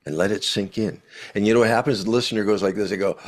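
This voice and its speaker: An older man, an author and voice actor, teaching with emphatic energy, swinging between booming and hushed delivery and using deliberate pauses. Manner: uses deliberate pauses for effect.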